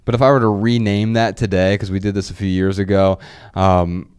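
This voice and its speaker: Low, smooth-voiced male podcast co-host in his thirties, eager rambling chat. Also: flat delivery, fairly quick, a little mellow. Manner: rambling, enthusiastic, frequent restarts. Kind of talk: casual chat.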